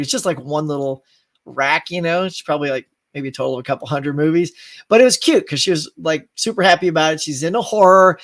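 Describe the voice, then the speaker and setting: Rambling man hosting a live chat. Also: on the high side. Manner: rambling, laughs often, goes off on tangents. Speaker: host of a live stream show. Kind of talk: casual live-stream chat reading viewer comments.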